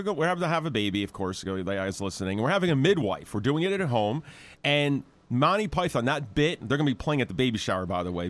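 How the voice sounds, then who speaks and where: A fairly high-voiced man rambles animatedly through a casual talk-show chat, stopping and restarting often. His pitch swings widely as he talks. The sound is dry and close, with no room around it. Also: dry recording. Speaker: naturopath and show host.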